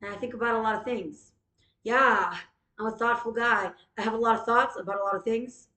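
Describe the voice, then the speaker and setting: A woman doing a rambling comic improv monologue, silly and swearing, with deadpan asides and quick self-corrections. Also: on the high side. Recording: roomy echo.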